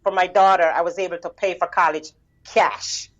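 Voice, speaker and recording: A woman's voice: lowish voice, quick pace. Caribbean woman telling her story, lo-fi. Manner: animated storyteller, frequent "you know" and laughs. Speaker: guest, bookkeeping business owner. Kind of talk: casual interview storytelling.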